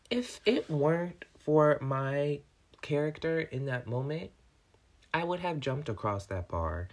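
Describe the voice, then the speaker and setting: A man who works as a manager, telling a workplace story in a casual vlog, animated and swearing, swinging from calm to worked up. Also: a little high. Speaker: vlogger, restaurant manager.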